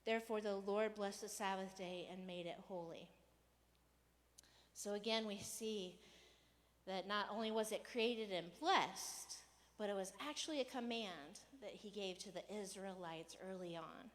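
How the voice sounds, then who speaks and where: A woman pastor giving a casual, conversational sermon, animated and playful, sometimes raising her voice to act out a rant. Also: mid-range voice, unhurried, in a large hall. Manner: conversational, animated, acts out rants with raised voice. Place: church hall.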